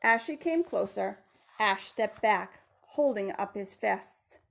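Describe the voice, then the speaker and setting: A woman narrating a children's novel in a steady, measured storytelling voice. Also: medium pitch, gravelly. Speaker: audiobook narrator.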